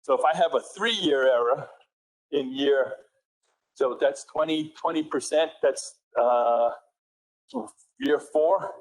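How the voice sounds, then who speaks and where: A man's voice: medium pitch, takes it slowly, poor audio. A man with a New England accent giving a technical conference presentation in a conversational way, correcting himself and asking the audience questions.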